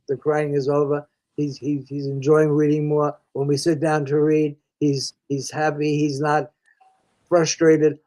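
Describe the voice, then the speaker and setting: A man's voice: a little high, a little mellow, rough recording. Folksy older man explaining reading. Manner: folksy, addresses listener as "friend", many restarts. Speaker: reading specialist guest. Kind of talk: conversational explaining.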